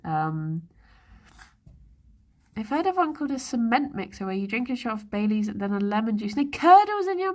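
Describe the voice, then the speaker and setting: A young woman streaming live, chatting casually and rambling, laughing often as she goes. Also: on the high side. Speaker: livestreamer. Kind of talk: casual chat.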